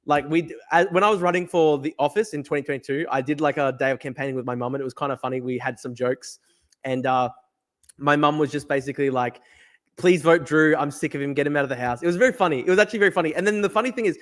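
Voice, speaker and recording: A man's voice: on the high side, fast, a bit bright. A young man hosting a livestream, brash and laughing as he reads comments. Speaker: host. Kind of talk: livestream chat.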